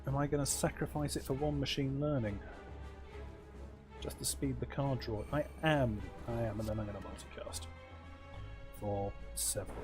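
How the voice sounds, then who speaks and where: A man's voice: mid-range voice, steady tone, moderate pace, pauses often. A man hosting a let's play, commenting casually on his moves with wry, self-deprecating asides as he thinks aloud. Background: faint game music.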